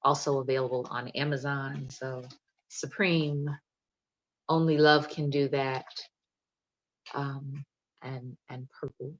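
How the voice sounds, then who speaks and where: A woman's voice: a bass voice, level tone, takes it slowly, pauses often, lo-fi sound. A woman poet reading her poems with emphatic, playful delivery and chatting between them over a video call. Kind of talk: poetry reading and chat.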